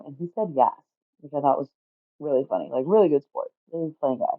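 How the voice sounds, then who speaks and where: A woman livestreaming in casual chat, rambling and swearing freely, getting loud and exasperated. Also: low voice, fast talker, no echo. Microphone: streaming mic. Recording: tinny phone-like dry sound.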